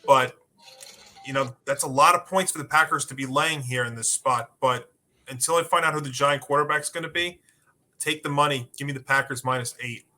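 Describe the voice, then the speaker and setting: A man guesting on a sports podcast has a bright, forward voice. He works through his reasoning in long, run-on stretches, with fillers along the way. The tone is casual analysis. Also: a little high, moderate pace.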